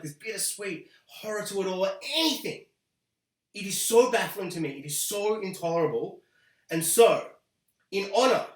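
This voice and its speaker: Brief: young man, sarcastic rant host, high voice, echoey room. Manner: sarcastic, animated, mocking quoted voices. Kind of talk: ranting video review.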